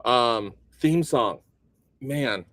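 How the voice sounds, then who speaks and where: A man's voice: medium pitch, drawn-out words, no echo. Laid-back guy chatting as a guest, lots of ums, dry close sound. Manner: relaxed, thinks aloud with many ums. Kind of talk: casual interview chat.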